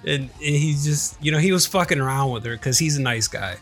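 A man co-hosting a casual chat podcast, telling relaxed, profane anecdotes about his neighbors. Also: fairly high pitch, brisk, faint music behind. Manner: laid-back, profane anecdote teller.

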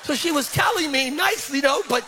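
A middle-aged male pastor preaching with animated, self-deprecating personal stories and frequent stammered restarts. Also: extremely high pitch, a little fast, a faint crowd, a little hiss or hum. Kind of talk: sermon with personal storytelling.

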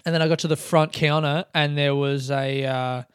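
An Australian man rambles through a casual story, swearing freely and getting animated along the way. His voice sits a bit high for a man and comes across smooth and resonant. He is recorded close and dry, with no room sound. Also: normal speed, dry recording. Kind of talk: casual solo monologue.

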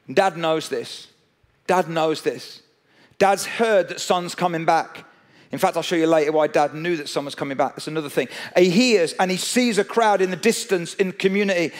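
A man preaching a sermon, telling a story with animated energy and speaking straight to his listeners. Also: sits high. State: out of breath.

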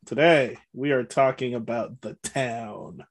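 A man's voice: mid-range voice, slow. A young man co-hosting a movie podcast, teasing and joking with his partner. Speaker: podcast co-host. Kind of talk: casual movie podcast chat.

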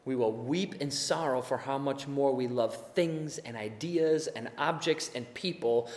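A man preaching a sermon as pastor, earnest, swinging from hushed, slow asides to loud shouted urging. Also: mid-range voice, echoey room, long reverb tail.

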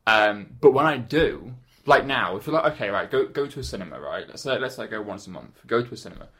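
A man's voice: lowish voice, animated, fast, a bit bright. Rambling man, hesitant. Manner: rambling, hesitant, lots of fillers. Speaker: film podcast co-host. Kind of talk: casual chat.

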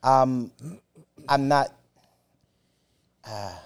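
A man in his forties, a former soldier, telling a story as a podcast guest in a halting, profane way, full of fillers and restarts. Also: medium pitch, clean tone. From United States. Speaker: former Army Ranger. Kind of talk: casual storytelling.

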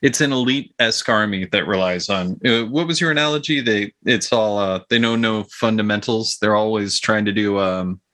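A man's voice: fairly low pitch, moderate pace, few pauses, a bit bright. A man co-hosting a casual podcast about tabletop gaming, eager and full of likes and ums. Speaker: podcast co-host.

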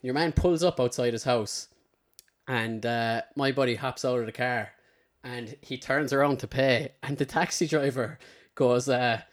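A man's voice: medium pitch, a little slow. An Irish man hosting a podcast, telling a long, rambling anecdote in a casual way and slipping into the voices of the people in his story. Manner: rambling storyteller, slips into character quotes. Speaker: podcast host.

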